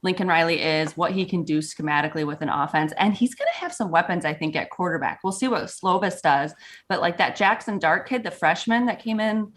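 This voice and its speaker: Woman sports co-host, lowish voice, chatty and animated. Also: brisk. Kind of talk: casual sports chat.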